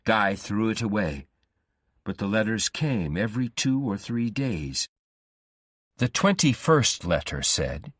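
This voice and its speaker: Slow, deep-voiced male storyteller. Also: sing-song, a bit bright, slightly rough, dry recording, studio quality. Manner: slow, deliberate reading. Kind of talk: graded reader narration for English learners.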